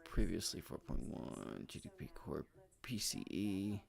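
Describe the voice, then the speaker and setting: A man's voice: deep voice, sing-song, measured pace, vocal fry. A man streaming live from his desk, talking through stock charts in a loose, rambling way. He grumbles and swears under his breath when things go wrong, then turns back to explaining to viewers, peppering his talk with "right?" and "my friend". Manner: repeats filler words like right and my friend. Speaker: livestream day trading host. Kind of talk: casual live-stream commentary.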